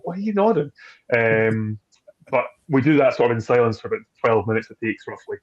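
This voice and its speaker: A man chatting casually as a distillery guest, telling rambling, animated stories and acting out what others said. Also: fairly low pitch, dull audio. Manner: rambling, animated storytelling with acted-out quotes. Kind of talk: casual chat.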